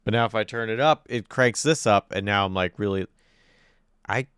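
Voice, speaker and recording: A male streamer talks casually into a desk microphone, thinking out loud and grumbling as he adjusts his settings. His voice sits a bit low and sounds smooth and clean. The sound is dry and close. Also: moderate pace, no echo. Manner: fiddling with mic settings, thinking aloud, frustrated. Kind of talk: casual live-stream chat.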